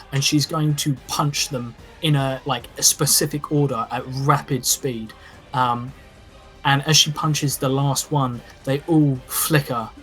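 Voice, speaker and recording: A man running a tabletop game with easygoing narration. He talks at a medium pitch, fills pauses with "uh" and "like", and has soft background music behind him. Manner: casual, hesitant narration full of "uh" and "like". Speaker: game master.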